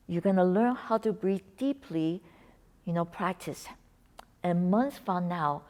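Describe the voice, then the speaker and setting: Woman coaching a breathing lesson. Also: lowish voice. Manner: coaching, encouraging, slips into soft whispers on cues. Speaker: wellness instructor.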